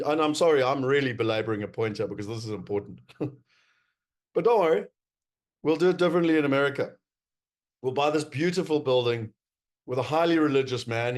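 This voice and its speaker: A man with a South African accent giving a presentation to investors, emphatic and wry, with many fillers. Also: medium pitch. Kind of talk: presentation talk.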